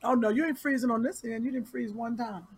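High husky woman chatting, caring and direct. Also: fast talker. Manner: caring, teasing, gives advice in a direct way; informal speech with dropped verbs. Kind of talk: casual chat.

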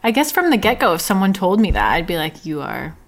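A woman's voice: medium pitch, sing-song, quick pace. A young adult woman co-hosting a podcast, thinking aloud with trailing restarts. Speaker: podcast co-host. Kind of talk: casual podcast chat.

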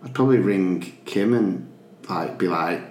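A man's voice: sits low, a little mellow, echoey room. A man co-hosting a casual podcast, teasing his co-host in a playful manner. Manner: playful, quick to tease and do silly voices. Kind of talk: casual chat.

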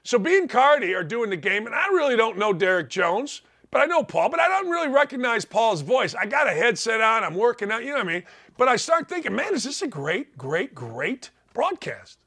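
Emphatic high-voiced sports talk host. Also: male voice, big pitch swings, a little fast, sharp tone. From Indiana. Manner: emphatic, rambling, repeats words for stress.

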